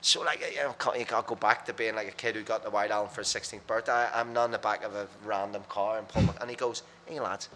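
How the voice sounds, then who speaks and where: A man, a radio presenter, telling rapid, blunt anecdotes in casual chat on a podcast. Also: lowish voice, fairly even intonation, pushed and bright, slight background noise.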